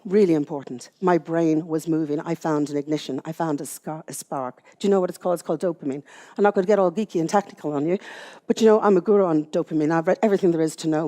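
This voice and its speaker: Middle-aged Irish woman, public speaker, quick and mellow, candid storyteller with self-mocking wit. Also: sits low. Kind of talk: personal storytelling talk to a live audience. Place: room with an audience.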